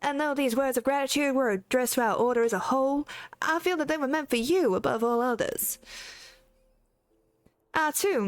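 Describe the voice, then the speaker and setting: A woman's voice: sits high, no room sound, close to an everyday voice. A woman voicing a grave, stately woman leader in a put-on Southern drawl, reading game dialogue aloud. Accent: put-on American Southern. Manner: earnest, stately speech.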